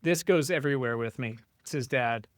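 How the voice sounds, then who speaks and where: A man co-hosting a casual podcast, telling parenting stories in a blunt, profane, animated way. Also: mid-range voice, brisk, dry recording, clean studio sound.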